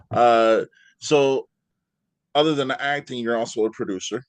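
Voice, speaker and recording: A woman's voice: extremely low pitch, a little slow, no room sound. A woman hosting an interview, asking casual questions with hesitant "uh" starts and laughing along with her guest. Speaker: interview host.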